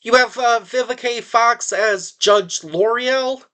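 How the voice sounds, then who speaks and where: A woman reviews a movie in a casual, rambling way, often restarting her sentences. Her tone is sarcastic and exasperated, and her voice sits a little high. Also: measured pace, a bit bright.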